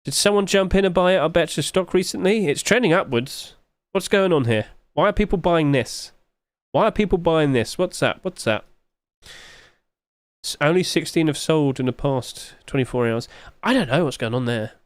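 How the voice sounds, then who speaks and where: A man's voice: fairly high pitch, expressive, a little fast, no room sound. A man, musing aloud in casual livestream commentary and asking himself rhetorical questions. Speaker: streamer.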